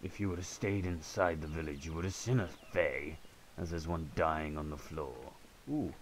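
There's a little hiss or hum behind this let's play, where a man with an extremely low, steady voice speaks at normal speed. He keeps up a running commentary full of swearing and jokes as he plays the game.

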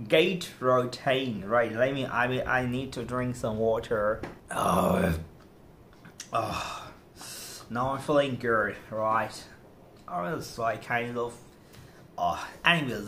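A man's voice: mid-range voice, fairly bright tone. A man hosting a podcast, giving an emphatic motivational lecture on speaking English correctly, repeating his points to drive them home. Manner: emphatic, repetitive, exhorting.

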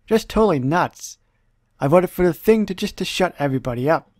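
A man's voice: a little high, animated, a little fast, darkish tone, natural voice. A man reading out a brash, boastful George Washington from a mobile game in a cocky, slangy way, recorded close on a dry mic. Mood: ranting.

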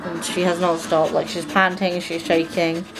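A woman in her twenties with an English accent, chatting casually to her camera at home as a vlogger, soft-spoken and rambling with lots of fillers. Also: on the low side, little pitch movement, normal speed, over music. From England. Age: 20s. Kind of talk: casual vlog chat. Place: at home, indoors. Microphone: handheld compact camera.

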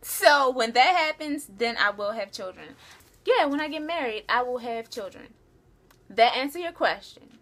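A young woman chats through a casual vlog Q&A with a high, bright voice. She giggles easily and fills her sentences with "like," talking loosely as if to friends. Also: lively intonation, moderate pace. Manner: chatty and giggly, full of "like". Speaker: vlogger answering viewer questions.

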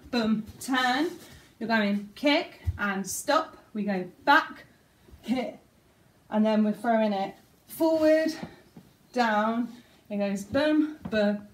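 A woman's voice: medium pitch, reverberant, far from the mic, poor audio. A young woman teaching a dance routine at home, counting and scatting the moves aloud. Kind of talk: talking through a dance routine. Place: top-floor flat.

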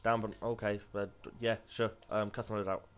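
A young British man giving casual commentary while playing a multiplayer game, excitable and swearing freely. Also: lowish voice, normal speed, clean tone. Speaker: gamer.

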